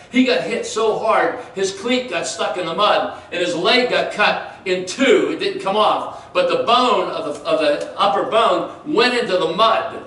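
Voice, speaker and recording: High-voiced preacher in an echoey church. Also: male voice, pushed and bright. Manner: conversational preaching with audience questions. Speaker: pastor. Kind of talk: sermon. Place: church sanctuary. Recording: echoey church room from far off.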